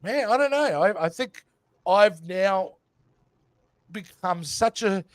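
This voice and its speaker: An Australian man co-hosting a casual podcast, enthusiastic and quick to laugh. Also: high-pitched, lively intonation, no room sound. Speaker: podcast co-host.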